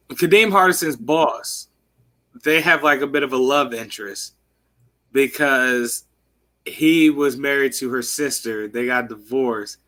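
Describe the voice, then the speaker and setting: A man's voice: mid-range voice, pushed and bright. A man co-hosting a podcast, casually recapping a TV episode in loose, profane storytelling full of "like" and "you know". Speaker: podcast co-host. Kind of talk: casual chat recapping a TV show.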